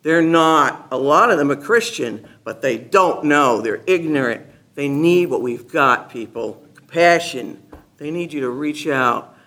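A woman giving a personal testimony to her church gathering, telling her story in an animated, enthusiastic way. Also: deep voice, unhurried. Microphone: handheld mic at a gathering.

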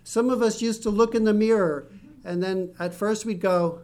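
Preacher, sermon, Bible teaching, conversational, joking asides, slow scripture reading. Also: medium pitch, steady tone, a little mellow.

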